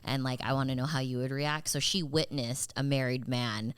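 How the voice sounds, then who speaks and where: A chatty woman hosts a casual podcast with a notably low voice. She talks loosely, full of fillers, often breaking into laughs. Her voice sounds dry and close, with no room around it. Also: steady tone, normal speed, smooth, dry recording. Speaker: podcast host. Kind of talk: casual chat.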